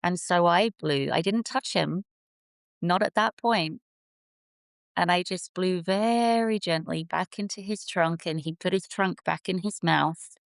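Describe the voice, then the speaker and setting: A woman's voice: fairly low pitch, a little slow, creaky, dry recording. A woman in her forties, originally from England, telling the story of how her sanctuary began in an earnest, vivid way. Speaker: sanctuary founder, guest. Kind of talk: storytelling in an interview.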